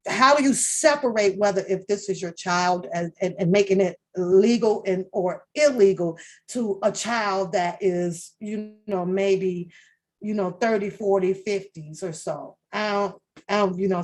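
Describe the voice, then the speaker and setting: A woman hosting a reaction channel, rambling through casual commentary on a reality show with lots of swearing, restarts and laughter. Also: mid-range voice. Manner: rambling, profane, laughs often, many restarts.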